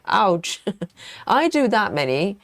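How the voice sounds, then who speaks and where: A woman hosts a casual cross-stitch livestream, chatty and giggly, snacking on chocolate while reading out viewer comments. Her medium-pitched voice is sing-song and very slow, with clean studio sound and no room sound.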